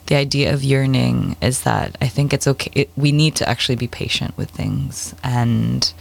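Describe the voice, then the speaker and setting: A woman's voice: extremely low pitch, moderate pace, vocal fry. A woman in casual conversation, talking loosely with many fillers and restarts. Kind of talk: casual chat.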